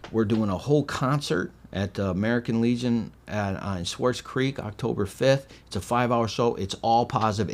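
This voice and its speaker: A middle-aged man from Michigan, a podcast guest telling a story in a casual, animated way and acting out the quotes. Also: medium pitch. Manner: animated storyteller, acts out quotes with swings in loudness.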